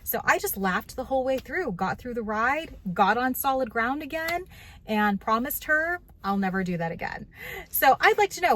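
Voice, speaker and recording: A middle-aged woman hosting a casual vlog and telling a story from her own life to the camera in an animated, expressive way while sitting in a car. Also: a little high. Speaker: vlog host.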